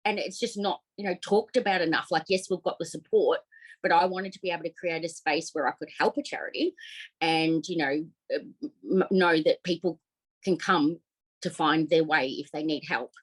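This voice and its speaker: A middle-aged Australian woman telling her story as a podcast guest, heartfelt and animated, with many fillers. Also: sits low, normal speed, husky, low-quality recording. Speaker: podcast guest, op shop owner. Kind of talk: casual interview storytelling.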